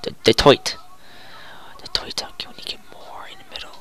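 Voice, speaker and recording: A gamer giving goofy, excitable commentary while playing a hockey video game, groaning and yelling at each play. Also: mid-range voice, normal speed, creaky, long pauses, whispered.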